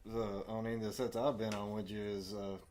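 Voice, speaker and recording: A man's voice: fairly low pitch, level tone, a little fast, a little mellow. Man co-hosting with short agreeing replies. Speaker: podcast co-host. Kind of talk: casual chat.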